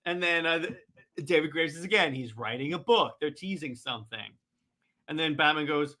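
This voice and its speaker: A man giving an excitable, rambling recap of a comic, full of restarts. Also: fairly high pitch, normal speed. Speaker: comic reader.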